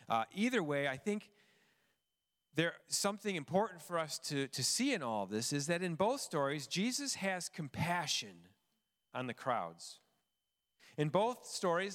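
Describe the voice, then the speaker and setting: Animated preacher man in echoing hall. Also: mid-range voice. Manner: expressive, emphatic preaching with rhetorical questions. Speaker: pastor. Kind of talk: sermon.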